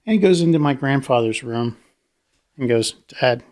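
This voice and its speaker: A man's voice: mid-range voice, normal speed, a little mellow. A man co-hosting a podcast, telling a funny story in casual chat, laughing often and acting out the voices of the people in it. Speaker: podcast co-host.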